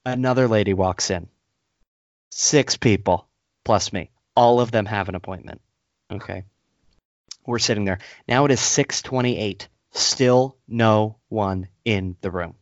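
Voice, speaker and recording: Low-voiced man ranting through a story. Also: measured pace, no echo. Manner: animated storyteller, acts out others in high voices. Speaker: podcast co-host. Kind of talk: casual storytelling rant. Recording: dull lo-fi, dry sound.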